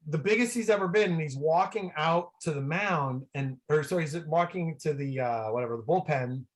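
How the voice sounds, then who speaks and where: A man from the San Francisco Bay Area, a guest on a video call, telling rambling, excitable stories full of "like" fillers. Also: on the high side, normal speed. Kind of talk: casual storytelling.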